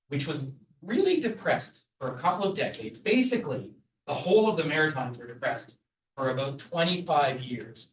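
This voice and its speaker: In a distant, muffled recording from an echoey room, a Canadian man lectures on travel at a medium pitch. His classroom talk is lively, and he keeps it chatty and jokey, tossing questions to the audience.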